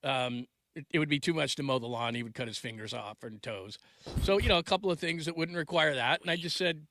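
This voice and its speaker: Man in his 40s, sports talk host: forceful bright voice, slightly high, dry close sound, loose rambling delivery. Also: a little fast, no room sound. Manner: rambling, restarts sentences, trails off mid-thought; gets loud and laughing when telling family stories.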